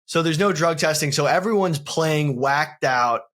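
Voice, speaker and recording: Male podcast host, casual and profane, quick joking delivery, somewhat high voice. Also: fairly bright tone. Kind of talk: casual chat.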